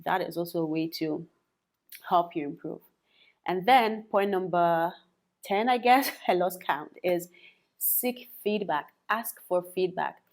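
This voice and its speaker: A woman's voice: on the low side, a little slow. A young adult woman teaching English in a chatty spoken lesson, repeating words for practice and laughing often.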